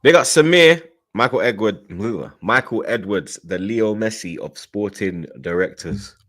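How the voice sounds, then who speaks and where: A man with a low, heavy voice hosts a casual football live stream. He reads chat messages in quick runs and bursts out loudly when he shouts out viewers.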